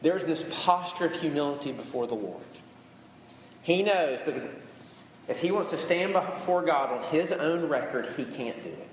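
A pastor in his thirties, slightly high-voiced, preaches a sermon casually and conversationally, repeating words for emphasis. A long reverb rings through the large, echoey hall over a faint hum.

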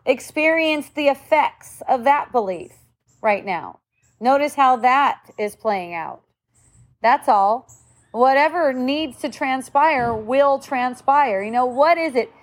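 A middle-aged woman giving a casual spiritual talk, musing and conversational, sometimes acting out the voices she quotes. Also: high-pitched. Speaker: spiritual teacher.

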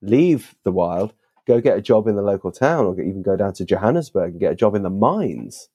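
A man who is a podcast guest and author, telling stories in an animated, emphatic conversational way. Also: on the low side, brisk, husky. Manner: animated, emphatic, with vivid asides. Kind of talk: conversational storytelling.

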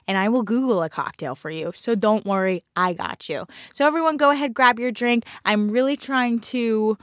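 Young South Jersey woman, podcast host and bartender, lower register, dry close sound, brash, bubbly, self-mocking. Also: clean tone, dry recording. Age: young adult. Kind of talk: casual solo podcast chat.

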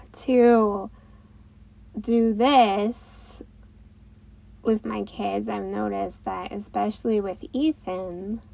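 A woman in her thirties, a mother and host, talking gently and reflectively in a casual way, with many fillers. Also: medium pitch, vocal fry, rough recording. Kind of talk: casual talk.

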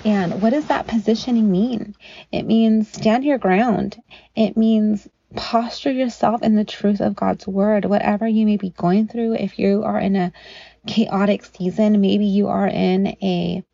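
A woman talks through scripture on her devotional podcast in an earnest, encouraging, conversational way. Her voice is mellow with a gravelly edge. The recording is dry and close, with a somewhat dull, lo-fi sound. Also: medium pitch, steady tone, measured pace, no echo. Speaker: podcast host teaching scripture.

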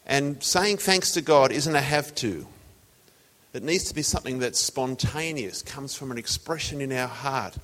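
A man's voice: medium pitch, moderate pace, a bit bright. A man preaching a sermon in a conversational, storytelling way. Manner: conversational, tells jokes as illustrations. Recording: long hall reverb.

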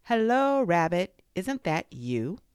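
A simple, cheerful teddy bear who loves honey, voiced by a woman reading a storybook. He talks slowly and earnestly in a high, lifted tone, and his hums rise and fall. The reading is close and dry, with no room sound. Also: big pitch swings, a little mellow, clear, resonant tone, dry recording. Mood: calling out. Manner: slow, sing-song humming and earnest questions.

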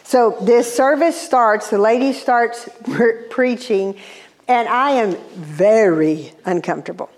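A woman telling a personal testimony in an animated, exclamatory, humorous way. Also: on the high side, slow pace. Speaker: speaker. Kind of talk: testimony storytelling.

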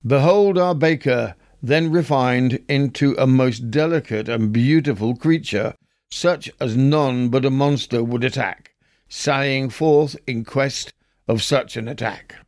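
A podcast host reads old newspaper stories aloud, lingering over every phrase with a measured, wry delivery. His voice is middle-pitched and a little mellow. The audio is dry and close, with no room sound at all.

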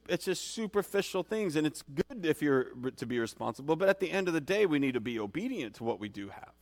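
A man's voice: on the high side, in a large hall. A man preaching an informal sermon in a conversational, rambling way, with many restarts and fillers.

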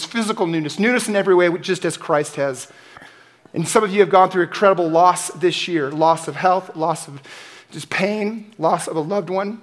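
A man preaching an Easter sermon as pastor, building to forceful emphatic peaks and dropping to quiet, intimate asides. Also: high-pitched, moderate pace.

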